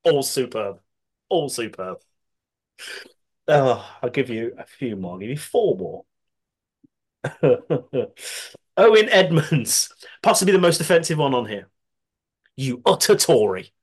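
Brummie bloke on a podcast reading out listener stuff, laughing a lot, voice bouncing all over. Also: male voice, mid-range voice, takes it slowly, pauses often, husky. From Birmingham, England. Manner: animated, laughs often, swears casually. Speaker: podcast co-host. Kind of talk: reading listener submissions, casual chat.

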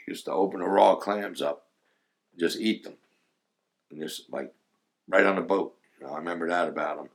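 A man's voice: low-pitched, moderate pace, pauses often. A man casually recounting his days digging clams, rambling with fillers and laughing through his stories. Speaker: former clammer recalling old times. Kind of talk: casual storytelling chat.

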